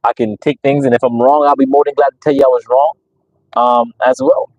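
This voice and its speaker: A man's voice: medium pitch, fairly even intonation, brisk, dry recording, phone-quality sound. A man who breeds dogs, talking casually to viewers on his channel, emphatic and preachy, repeating himself with lots of fillers. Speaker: dog breeder and channel host. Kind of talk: casual livestream talk to viewers.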